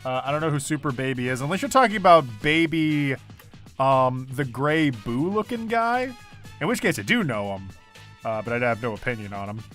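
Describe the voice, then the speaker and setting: Animated young man chatting while drawing. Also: medium pitch, normal speed, soft background music. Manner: animated, reads chat aloud, laughs often. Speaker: artist streaming his drawing. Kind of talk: casual livestream chat while drawing.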